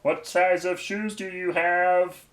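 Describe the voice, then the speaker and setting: A man putting on the voice of a goofy adult male friend, talking slowly in a high, drawn-out way. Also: little pitch movement, a bit bright. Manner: slow, high, drawn-out delivery.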